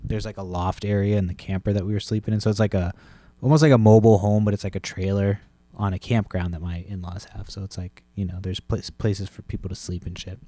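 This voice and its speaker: Podcast host with a chest cold, a low-pitched man in his thirties telling a rambling, cursing story, dry close mic. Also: fairly even intonation, fast talker, mellow, no echo. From Massachusetts, USA. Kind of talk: casual rambling monologue.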